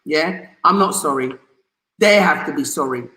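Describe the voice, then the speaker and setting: A woman's voice: deep voice, expressive, moderate pace, a bit bright, echoey room, poor audio. A woman from England, hosting an opinion commentary, reading news aloud in a passionate, sarcastic and emphatic way, hammering key words again and again. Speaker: host.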